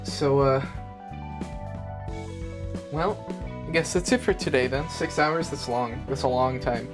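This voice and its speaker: A relaxed streamer rambling through a casual sign-off at a middle pitch. Background music plays steadily under the voice. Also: unhurried. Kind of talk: casual live-stream chat.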